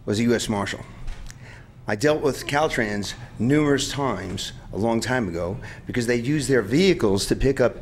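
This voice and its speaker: A man's voice: mid-range voice, slight background noise. A man in his sixties telling rambling anecdotes during a public comment at a county board meeting. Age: 60s.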